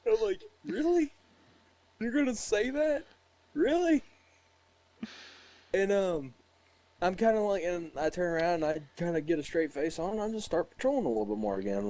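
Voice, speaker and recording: A man's voice: a little high, warm tone, no echo, poor audio. Young man telling a rambling army story. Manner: rambling, profane storytelling, laughs often. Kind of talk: casual chat.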